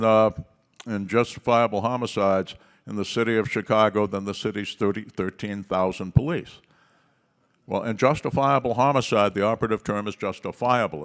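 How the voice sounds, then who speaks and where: Low-voiced man giving a forceful conference speech. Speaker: conference speaker.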